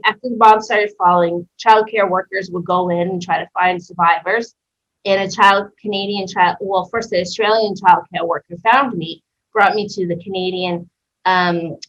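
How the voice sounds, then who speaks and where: A woman hosting a podcast, telling a personal story in an animated way and acting out the voices in it. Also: medium pitch, moderate pace. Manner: animated, acts out quoted dialogue. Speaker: podcast host. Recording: muffled lo-fi recording.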